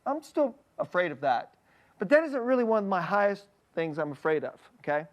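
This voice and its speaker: A male pastor preaching a conversational sermon in a candid, personal way, often breaking off to restart a thought and checking in with a quick "okay?". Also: high-pitched, sing-song, lo-fi sound. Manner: halting, restarting phrases mid-thought.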